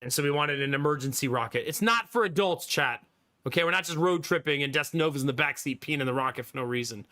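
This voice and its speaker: Bright-voiced man chatting to his stream. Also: a little high, fast talker. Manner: chatty, laughs often, swears casually. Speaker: live streamer. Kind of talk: casual chat with stream viewers.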